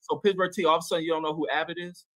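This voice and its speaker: A man's voice: a little high, level tone, rapid-fire, fairly bright tone, no echo. A man in a heated live-stream debate, needling his opponent and reading fact checks aloud. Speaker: debate panelist.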